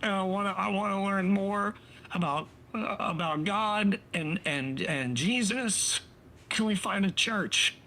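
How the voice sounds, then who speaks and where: A man putting on the voice of his wife as she earnestly asks to start going to church, pitching his voice up. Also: a little slow, fairly bright tone, slight background noise. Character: earnest wife seeking faith.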